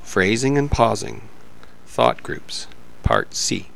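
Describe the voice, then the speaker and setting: A man narrating a pronunciation lesson in a measured, explanatory reading style. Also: on the low side, wildly swooping pitch, creaky, a bit bright. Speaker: pronunciation instructor.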